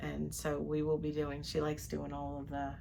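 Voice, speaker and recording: An older woman co-hosting a travel vlog speaks at normal speed in a low, monotone, creaky yet mellow voice. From a ship cabin, she chats in detail about her day, laughing often as she recaps it. There is slight background noise.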